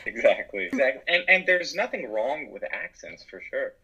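A man's voice: medium pitch, big pitch swings, moderate pace, pushed and bright, husky. A man with an American accent, talking as a podcast guest about acting and writing in a casual, earnest, reflective way. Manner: earnest, reflective, with frequent restarts. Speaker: podcast guest, actor and writer. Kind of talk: casual conversation. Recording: dull, lo-fi.

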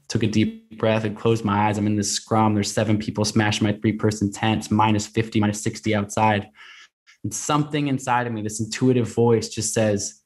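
A man's voice: fairly low pitch, flat delivery, a little fast. A man telling a personal story as a podcast guest, conversational with many fillers and restarts. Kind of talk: casual storytelling.

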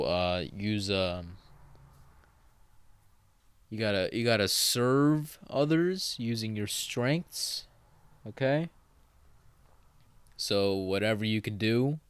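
A man's voice: fairly low pitch, clear, resonant tone, dry recording. A man hosting a solo podcast, rambling casually with swearing and self-corrections, having just woken up. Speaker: podcast host.

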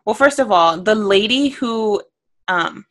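A woman's voice: medium pitch, lively intonation, unhurried, a bit bright. A young woman co-hosting a casual podcast, talking animatedly with lots of fillers and exasperated asides. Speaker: podcast co-host. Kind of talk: casual chat.

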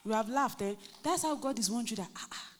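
A Nigerian woman pastor preaching a lively sermon, acting out quotes and joking with her congregation. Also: on the high side, fast, soft background music. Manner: animated, acts out quotes, jokes with the congregation. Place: church hall. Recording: reverberant church hall.

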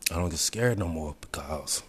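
Very deep-voiced man pouring his heart out. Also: animated, normal speed, slightly rough. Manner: earnest and heartfelt, drops to a near whisper at times, keeps saying "man". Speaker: vlogger talking to his regular audience. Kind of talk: personal confessional monologue.

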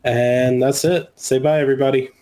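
A man hosting a tabletop game podcast as game master, wrapping up the session in a relaxed, upbeat way. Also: mid-range voice, normal speed.

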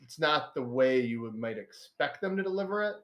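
A man co-hosting a podcast, talking casually and animatedly about a film with lots of fillers. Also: a little fast. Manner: animated, swings up in pitch when excited, many "like" fillers. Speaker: podcast co-host. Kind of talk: casual film review chat.

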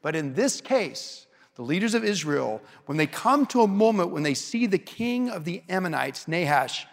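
A man preaching an expository sermon, slowing down and dropping his voice for emphasis. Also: sits high, sing-song, gravelly, in a large hall. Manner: varies pace and loudness for emphasis.

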